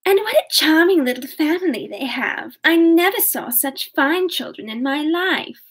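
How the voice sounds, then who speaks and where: A woman reading the lines of a gushing, fawning young woman who flatters her hosts. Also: sits high, normal speed, voice pushed up. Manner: effusive and sugary.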